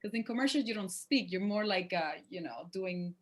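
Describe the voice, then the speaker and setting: Animated Spanish-accented woman, laughing often. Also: medium pitch, normal speed. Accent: Spanish-accented English. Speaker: guest actress. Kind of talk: casual interview chat.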